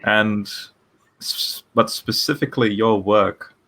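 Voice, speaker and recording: A man's voice: lowish voice, steady tone, slow pace, sharp tone. A man hosting an interview over a video call, talking casually and rambling with frequent restarts. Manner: rambling, many restarts and fillers. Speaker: podcast host interviewer.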